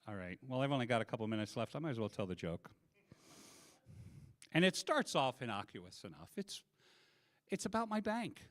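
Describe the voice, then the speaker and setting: A man's voice: medium pitch, normal speed, pauses often. A middle-aged man doing a self-deprecating stand-up comedy set on a live stage, talking into a handheld mic. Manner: self-deprecating, animated storytelling. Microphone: handheld microphone.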